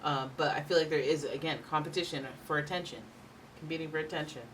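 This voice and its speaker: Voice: medium pitch, steady tone, fast talker, far from the mic, background noise. A tarot reader giving a casual, rambling reading with playful asides.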